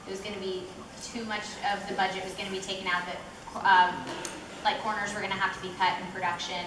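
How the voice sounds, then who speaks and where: A young woman from Texas answering questions at a convention panel, chatty and animated, with lots of fillers. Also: medium pitch, fast, far from the mic, background noise. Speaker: voice actress panel guest. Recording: echoey hall with faint ambience.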